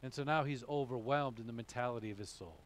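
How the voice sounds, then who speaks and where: A man's voice: mid-range voice, fast. A male pastor preaching a sermon, repeating key phrases and chuckling as he goes.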